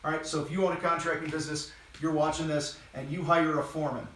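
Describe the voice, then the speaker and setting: A man's voice: a little high, level tone, fast talker, a bit bright. A man hosting a live business training for contractors, talking bluntly and casually with bursts of energy and the odd swear word, while moving around. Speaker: host and business coach for contractors. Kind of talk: live training talk to a camera. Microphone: distant mic, moves around while talking. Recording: very echoey room, voice far from mic.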